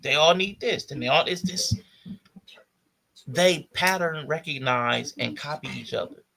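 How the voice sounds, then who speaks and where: A man's voice: on the high side, measured pace, vocal fry, bright, forceful tone. A man hosting a podcast, giving blunt, disdainful commentary on video clips and repeating his points for emphasis. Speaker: podcast host.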